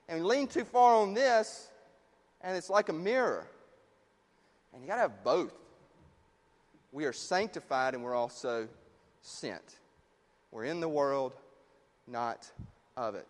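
A man preaching a sermon in a conversational way, dropping low and quiet on his key points. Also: expressive, a little slow, long pauses, long reverb tail. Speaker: pastor.

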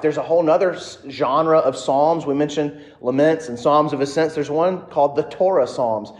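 Conversational preacher, echoey hall. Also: male voice, fairly high pitch, darkish tone. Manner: conversational, storytelling with asides to the audience. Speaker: pastor. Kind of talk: sermon.

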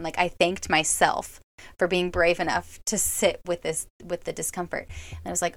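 A woman hosting a podcast, telling a personal story in a reflective, halting way with many fillers and restarts. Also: lowish voice, flat delivery. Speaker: podcast host.

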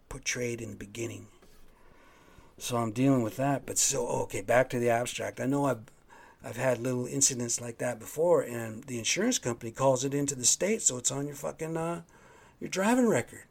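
A man's voice: medium pitch, a little fast, gravelly, breathy edge. A man hosting his own podcast, telling a rambling, profane story in a casual, worked-up way. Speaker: podcast host. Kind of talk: casual solo monologue.

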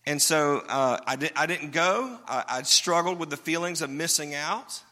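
Bright-voiced male preacher in a reverberant hall. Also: fairly high pitch, normal speed. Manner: conversational preaching, checks in with the crowd. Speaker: pastor. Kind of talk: sermon. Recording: long reverb of a large hall.

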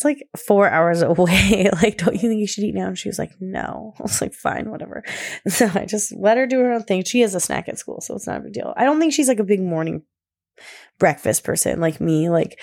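A young woman hosting a podcast, chatting casually about her days as a mother, rambling with many fillers and soft laughs. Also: on the low side, vocal fry. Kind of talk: casual personal talk.

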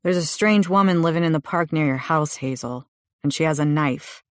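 A woman voicing a tense, protective young man who talks low, steady and urgent in an audiobook. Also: moderate pace, no echo, studio quality, natural voice.

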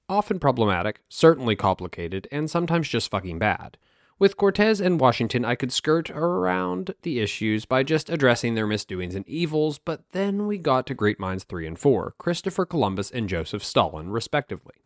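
A man's voice: mid-range voice, no room sound, clean studio sound. A man hosting a history podcast on his own, wry and self-mocking and swearing freely. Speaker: podcast host. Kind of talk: solo history podcast monologue.

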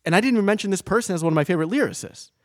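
Animated, laughing male podcast co-host. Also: sits high, very fast, no room sound, studio quality. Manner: animated, laughs often, restarts words. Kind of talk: casual chat.

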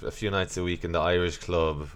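A man hosting a podcast, asking long, halting, rambling questions. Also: sits low, fairly even intonation, clear, resonant tone. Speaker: podcast host. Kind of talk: interview questions.

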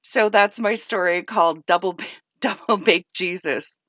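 Middle-aged woman podcaster, low voice, dry close sound, candid and self-deprecating, laughs a lot. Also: a little slow, fairly bright tone, no echo. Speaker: podcast host, former clergy. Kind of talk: casual storytelling monologue.

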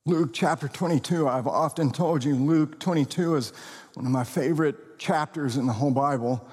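A man preaching a sermon as pastor, with expressive, deliberate emphasis and occasional laughs. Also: a little high, breathy edge, long reverb tail.

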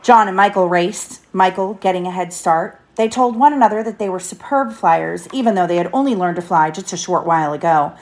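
A woman's voice: on the low side, brisk, hardly any pauses. A woman reading a children's storybook aloud to her child, lifting her voice for the characters' lines.

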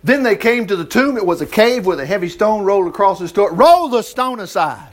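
A man preaching in a loose, conversational way, peppering the crowd with rhetorical questions. His voice sits high and swings widely up and down as he teaches. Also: fast. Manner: animated, chatty, many rhetorical questions. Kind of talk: conversational Bible-teaching sermon.

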